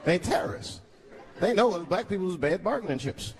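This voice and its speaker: A man's voice: high-pitched, expressive, moderate pace, heavy background noise. A man performing a stand-up routine on a comedy stage, telling stories animatedly and jumping into character voices. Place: comedy stage before a live audience.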